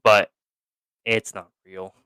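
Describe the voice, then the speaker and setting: A man's voice: lowish voice, level tone, extremely slow, bright, forceful tone, smooth, no room sound. A man co-hosting a podcast, rambling through a film recap in casual, profane chat, laughing and acting out the characters as he goes.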